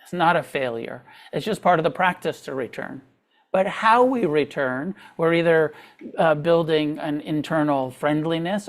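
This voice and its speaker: A man teaching meditation to a live group, talking loosely with fillers and restarts, often trailing off quietly. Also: on the high side. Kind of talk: dharma talk to a live group. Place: meditation hall with a live audience.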